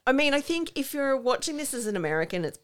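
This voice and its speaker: A woman's voice: sits high, very animated, fast talker. An Australian woman co-hosting a podcast, chatting casually and recapping plots with blunt asides. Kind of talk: casual chat.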